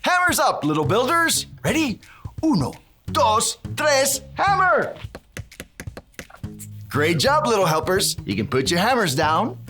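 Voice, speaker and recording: A man's voice: high voice, very animated, normal speed, few pauses, sharp tone, soft background music, exaggerated voice. A man playing a cheerful handyman who leads children in call-and-response cheering and drops Spanish words. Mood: cheery. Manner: bouncy, call-and-response with kids, bursts of cheering. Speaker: children's ministry presenter.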